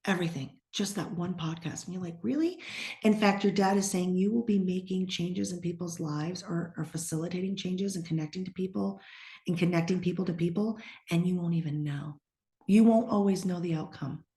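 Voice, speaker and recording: A sassy, outspoken middle-aged woman from the eastern United States, speaking a little low for a woman and sometimes sinking into soft whispers. She comes through on a podcast recorded in a noticeably echoey room. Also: fairly even intonation, a little fast. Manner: sassy and blunt, drops into hushed whispers when quoting. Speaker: psychic medium guest. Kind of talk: casual podcast conversation.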